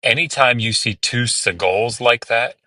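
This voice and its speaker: A man's voice: medium pitch, a little slow, bright, forceful tone, dry recording. A man hosting a live stream, patiently explaining Hebrew pronunciation step by step with many fillers. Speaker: host teaching biblical Hebrew. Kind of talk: casual live-stream tutoring.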